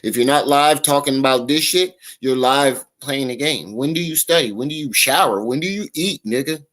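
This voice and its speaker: A man's voice: medium pitch, normal speed, fairly bright tone. A man hosting a livestream, giving mocking, incredulous reaction commentary full of profanity. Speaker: livestream host.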